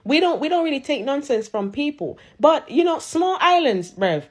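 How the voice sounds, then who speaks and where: A woman from Jamaica a fairly high voice. She rants for social media in a sassy, mocking way. She roasts her critics jokes. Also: sing-song, normal speed.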